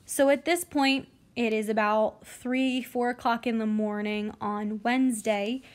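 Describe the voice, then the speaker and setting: A woman's voice: fairly high pitch, steady tone, unhurried, few pauses. A woman teacher who reads a play aloud to her class and explains it in plain, casual terms.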